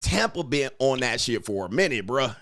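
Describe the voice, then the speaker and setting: A man ranting casually on a livestream, animated and emphatic, laughing and repeating himself for emphasis. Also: medium pitch, normal speed, slight background noise. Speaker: dating commentary streamer.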